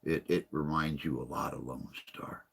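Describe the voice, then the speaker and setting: A man's voice: rumbling low, steady tone, moderate pace, vocal fry, husky. A man chatting casually on a live stream, rambling and folksy, a little tired and unwell.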